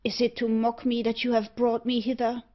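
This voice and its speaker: A woman voicing a bitter, frightened young gentleman, delivering his lines slowly and tensely. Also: a little high, monotone, lightly acted. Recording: dull lo-fi audiobook recording.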